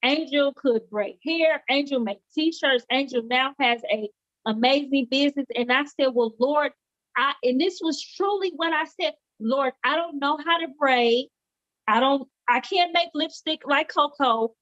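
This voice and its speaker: Guest: earnest high-voiced woman, repeats lines for emphasis, dry close sound. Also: measured pace, fairly bright tone, no room sound, dull audio. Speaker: homecare business owner, guest. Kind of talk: casual live interview chat.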